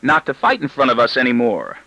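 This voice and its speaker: A man's voice: mid-range voice, wildly swooping pitch, fairly quick, vocal fry, pushed and bright, no room sound, voice pushed up, exaggerated voice, poor audio. A man voicing a sarcastic teenage girl. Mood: cynical. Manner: scoffing, needling.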